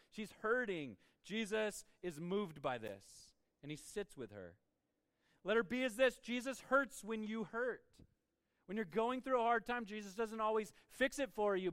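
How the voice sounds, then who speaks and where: Male pastor, conversational sermon delivery; high, clear voice in a reverberant hall. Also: a bit bright, studio quality. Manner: conversational preaching with laughs and asides.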